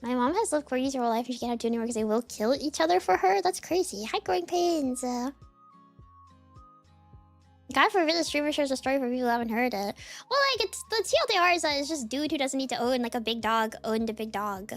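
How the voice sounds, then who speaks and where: Talking fast in a high-pitched voice, this young woman streamer rambles through a casual chat with her viewers, reading their messages. She leans heavily on "like" and other fillers, with lively swings in her delivery, over soft background music.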